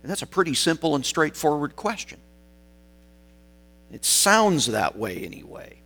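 A man's voice: fairly high pitch, sing-song, vocal fry, fairly bright tone. Male preacher, emphatic explanatory sermon delivery, faint mains hum. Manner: explanatory, emphatic, slows on key words.

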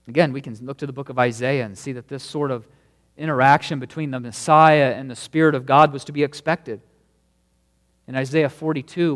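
Pastor, man, mid-range voice, delivering an emphatic, earnest sermon in a reverberant church hall. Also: medium pitch. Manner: earnest, emphatic preaching with stresses on key words.

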